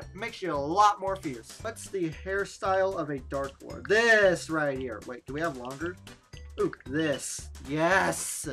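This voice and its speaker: Animated, playful woman gamer. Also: low voice, a little slow, soft background music. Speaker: let's play gamer. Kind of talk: casual gameplay commentary.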